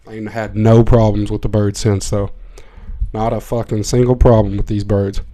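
A man hosting a podcast, telling a comic story in a profane, excitable, rambling way. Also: fairly low pitch, normal speed. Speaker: podcast host. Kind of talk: comedic storytelling monologue.

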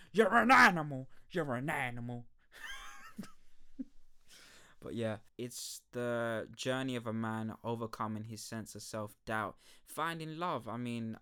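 A young man hosting a podcast, rambling through a casual review with profane, animated rants and frequent laughter. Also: on the low side, smooth. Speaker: podcast host.

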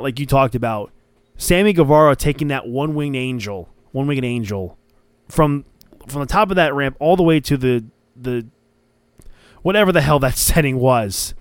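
A man's voice: medium pitch, no room sound. A man hosting a podcast, retelling a match in casual chat with eager, rambling enthusiasm. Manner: enthusiastic, rambling play-by-play recap. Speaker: podcast host.

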